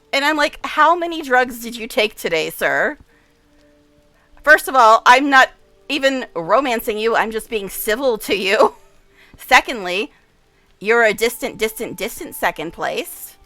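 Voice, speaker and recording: A woman streamer talks casually over a game she is playing, giggly and chatty. Her voice is bright and fairly high with lots of up-and-down movement, a gravelly fry creeps in, and the sound is dry. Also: no echo, poor audio. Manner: chatty and giggly, with hushed asides. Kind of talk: casual gameplay commentary.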